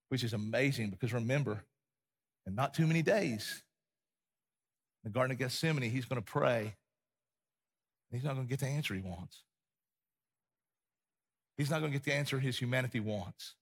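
A man preaching a sermon as a pastor, telling the story vividly and acting out the scenes, sometimes dropping to a quiet, intense delivery. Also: medium pitch, moderate pace, vocal fry, pauses often, husky.

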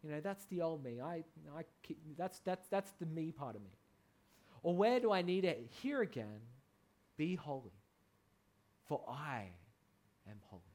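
A man's voice: fairly high pitch, very animated, unhurried, long pauses, a little mellow. A man in his thirties preaching a sermon, earnest and conversational, with many fillers and emphatic peaks.

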